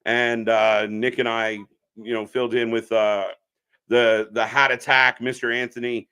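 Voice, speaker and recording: A man co-hosting a live wrestling stream, chatting casually and reacting loudly to the action. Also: medium pitch, little pitch movement, a little slow, clear, resonant tone.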